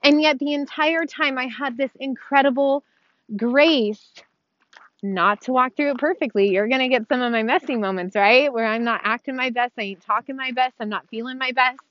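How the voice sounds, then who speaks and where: A woman's voice: high voice, normal speed, no echo, muffled recording. A woman telling her own story of abuse and recovery in a heartfelt monologue, earnest and emotional, talking straight to her viewers with small laughs. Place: outdoors on a dirt road.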